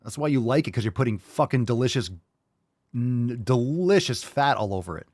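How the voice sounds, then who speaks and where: Guy ranting on his podcast, swearing a lot, blunt, middle pitch, dead dry sound. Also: lively intonation, normal speed, darkish tone, no echo. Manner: mocking impressions of listeners. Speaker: podcast host. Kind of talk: live podcast rant.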